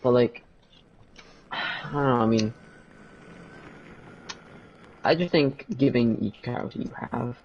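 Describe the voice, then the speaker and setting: A man's voice: mid-range voice, vocal fry, darkish tone, muffled recording, slight background noise. A man who streams roleplay games, chatting casually and teasing his friends in a rambling way. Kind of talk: casual chat.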